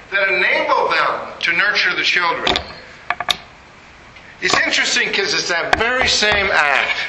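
A man giving an interactive lecture, quizzing the audience and making joking asides. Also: high-pitched. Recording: echoey room with noise.

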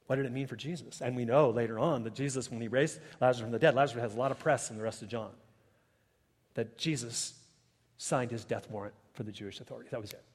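A male pastor delivering a sermon in a church, moving from quiet asides to rising, emphatic preaching. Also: mid-range voice, quick pace, slightly rough. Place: church sanctuary. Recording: long reverb of a large hall.

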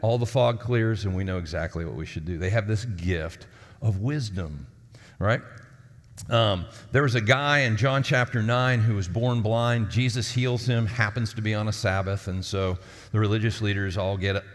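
A man's voice: lowish voice, normal speed. Male pastor preaching in a reverberant hall. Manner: conversational storytelling, acting out quoted voices. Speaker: lead pastor. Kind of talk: sermon.

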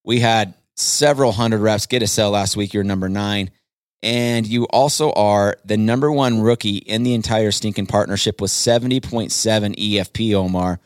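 A man hosting a casual sales-team podcast, jokey and full of shout-outs for his reps. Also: on the low side, steady tone, moderate pace, dry recording, clean studio sound. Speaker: podcast host.

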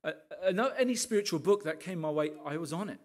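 A man, a pastor, giving a lively sermon testimony full of asides to his listeners and passionate outbursts. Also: on the high side, fast. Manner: animated storytelling, rising to impassioned rants with frequent asides to the audience.

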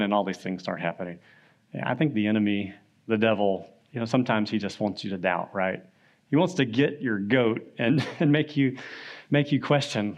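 A man, his voice sitting a little low, leads a Sunday school class in a church classroom. He talks in a loose, conversational way, reads scripture aloud, and keeps checking in with the group. When he tells a story, his delivery turns lively. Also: moderate pace, lo-fi sound. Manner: conversational, often asks "right?", animated when telling a story. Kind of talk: casual Bible lesson.

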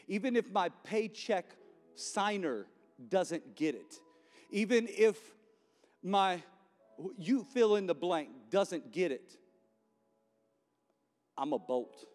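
A man's voice: high-pitched, very animated, takes it slowly, pauses often, a little mellow, in a large hall, faint music behind. Impassioned male pastor preaching in chapel. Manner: impassioned, conversational, repeats key lines. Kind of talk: sermon.

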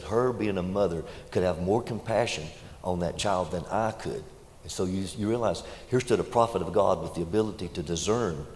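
A man with a deep voice delivers a sermon as folksy storytelling, building to loud, emotional peaks. The sound rings through a large church hall with a long echo and faint background noise.

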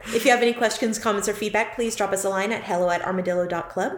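A woman's voice: medium pitch, racing. A woman co-hosts a casual book podcast and talks easily through the sign-off. Her voice sits in the middle range. The sound carries a roomy echo. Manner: relaxed, wraps up the show with plugs. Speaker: podcast co-host. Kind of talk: casual book-club chat. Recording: roomy home podcast audio.

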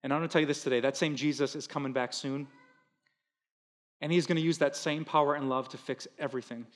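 A man pastor preaching a sermon in earnest, swinging between loud emphatic bursts and hushed soft lines. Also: medium pitch, steady tone, quick pace, in a large hall.

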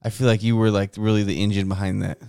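A man with a low, smooth voice, talking casually on a podcast. He is laid-back, swears freely and lets sentences trail off. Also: little pitch movement, quick pace, dark tone. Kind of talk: casual storytelling chat.

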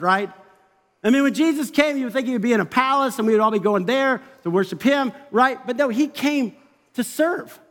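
A man with a high voice preaches from the pulpit, chatty and animated, peppering his points with "right?" and quick asides. His words ring out into a large church hall with a long reverb tail. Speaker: pastor. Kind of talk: sermon.

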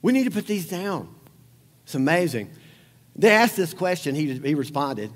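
A male pastor delivers a conversational sermon. His voice sits a little high for a man, and he leans on rhetorical questions and repeats key lines. Long reverb from the church hall trails behind every phrase. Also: very animated, moderate pace.

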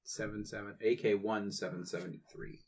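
A man's voice: fairly low pitch, steady tone, moderate pace, vocal fry. Man, tabletop player, joking, playful banter. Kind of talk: casual tabletop game chat.

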